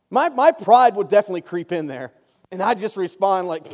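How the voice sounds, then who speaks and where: A man's voice: high-pitched, expressive, a little fast, a little mellow. A man giving a casual Bible study talk, chatty and joking, often breaking off into asides. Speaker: Bible teacher. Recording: long reverb.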